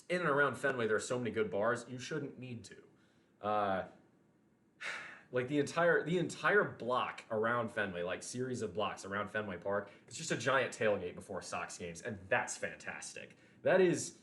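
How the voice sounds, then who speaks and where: Young male livestream host, loose and rambling, mid pitch, roomy sound. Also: a bit bright. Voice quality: rambling, chatty, with frequent restarts and casual swearing. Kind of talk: casual livestream chat, reading chat messages. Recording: roomy echo.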